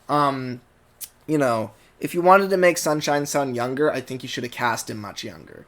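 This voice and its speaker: A man's voice: mid-range voice, a bit bright. A man with a General American accent, giving a rambling casual commentary as a YouTube reviewer, full of fillers and restarts. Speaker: YouTuber reviewing a cartoon dub.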